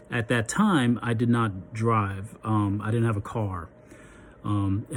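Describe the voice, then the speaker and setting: A man's voice: fairly low pitch, a little mellow, a little hiss or hum. A man telling a personal story in a casual vlog, chatty and full of ums and restarts, acting out what each person said. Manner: chatty, many ums and restarts, acts out the dialogue. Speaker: vlogger.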